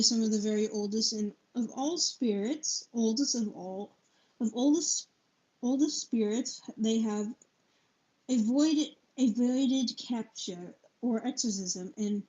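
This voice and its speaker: A woman's voice: on the high side, dark tone. A young woman reading a book aloud on a live stream, stumbling over and spelling out hard words. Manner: halting reading with stumbles and self-corrections. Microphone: low-quality setup. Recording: dull lo-fi stream audio.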